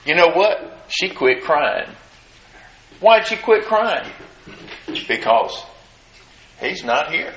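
Fervent preacher, high bright voice. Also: male voice, very animated, slow, pauses often, echoey room, slight background noise, low-quality recording. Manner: fervent, rises high and loud in retold dialogue. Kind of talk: sermon.

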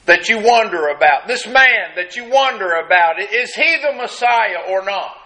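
A man preaching a sermon, retelling a scene dramatically and acting out the crowd's shouts. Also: high voice, animated, poor audio. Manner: slow, drawn-out delivery with long pauses.

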